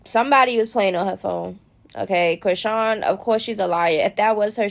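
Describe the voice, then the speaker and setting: A woman's voice: mid-range voice, vocal fry. A woman hosting a gossip channel, giving casual, blunt and opinionated commentary in a sassy manner.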